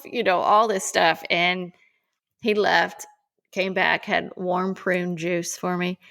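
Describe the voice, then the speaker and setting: A woman in her forties, a podcast co-host, telling a personal story in an emphatic, animated way. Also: fairly low pitch, a little slow, vocal fry.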